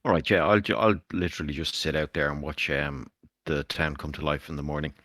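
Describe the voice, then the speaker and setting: A man's voice: a bass voice, fairly even intonation, fairly quick, a bit bright, dry recording. A man playing a tabletop game, talking in a laid-back, casual way. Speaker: player. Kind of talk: casual tabletop role-play.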